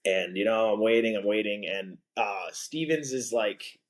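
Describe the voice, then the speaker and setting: Low-voiced man telling stories casually. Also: a little slow. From from a blue-collar family. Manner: loose and chatty, heavy with "like" and "you know", laughs between phrases. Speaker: podcast guest. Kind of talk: casual storytelling in conversation.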